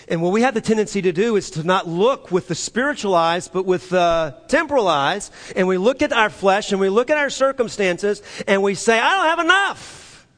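A male pastor preaching a sermon to his church and leading the congregation in call-and-response, moving between loud emphatic passages and hushed, soft ones. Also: high-pitched. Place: church sanctuary. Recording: long hall reverb.

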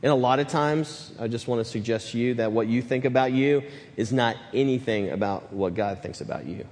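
A man preaching a sermon, swinging between loud emphatic build-ups and hushed lines. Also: medium pitch, a little fast, long reverb tail. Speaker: pastor.

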